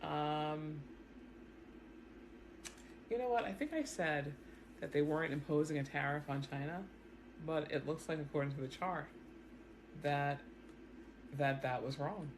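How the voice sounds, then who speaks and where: A woman in a self-recorded video, commenting on the news in a casual, animated way, often repeating herself as she talks straight to her viewers. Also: low voice, measured pace, long pauses, a little hiss or hum. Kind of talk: casual explanatory commentary to camera. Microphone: self-recorded camera setup.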